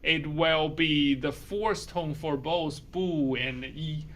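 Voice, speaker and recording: Male teacher, slow, bright, slightly high delivery, drawn-out example words. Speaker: Mandarin teacher. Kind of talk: short video language lesson.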